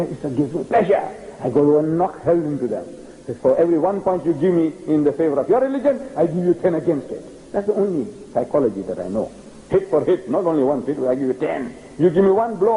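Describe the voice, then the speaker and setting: An older man from South Africa giving a storytelling lecture, animated and emphatic, often repeating key phrases. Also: fairly high pitch, poor audio.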